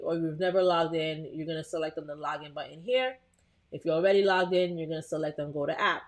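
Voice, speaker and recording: A young woman walks viewers through a screen-share tutorial in a relaxed, conversational way. Her voice sits a little low, and she often restarts a phrase or pauses with an um. She speaks straight to the people watching live. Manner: chatty, talks to live viewers, frequent "um" and restarts.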